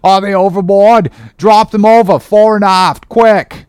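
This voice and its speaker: A man's voice: mid-range voice, unhurried, no room sound, clean studio sound, natural voice. A man voicing an earnest, anxious ship's first mate who speaks in a raised, urgent voice.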